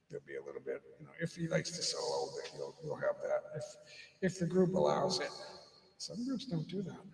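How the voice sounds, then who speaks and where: A man hosting a livestream alone, thinking out loud and trailing off, a bit hot and out of breath, talking from an upstairs loft at home. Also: a little high, creaky, echoey room, big-room sound, distant mic. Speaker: livestream host. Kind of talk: rambling solo live chat.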